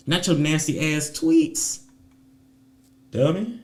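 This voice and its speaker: A man hosting a celebrity gossip show, sassy and mocking, swinging between loud jabs and low muttering. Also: expressive, moderate pace. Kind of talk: casual commentary monologue.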